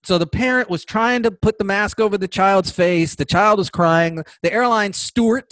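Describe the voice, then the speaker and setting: A man from the United States holds forth on his podcast, turning sarcastic and animated and hammering home his points by saying them twice. His voice sits high for a man. The recording is dry and close, with no room sound. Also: moderate pace, no echo. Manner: animated, sarcastic, repeats phrases for emphasis. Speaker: podcast host. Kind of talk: opinion podcast monologue.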